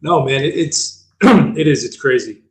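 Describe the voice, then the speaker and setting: A man co-hosting a fatherhood podcast in relaxed, casual conversation. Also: on the high side, a little slow, rough recording. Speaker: podcast co-host.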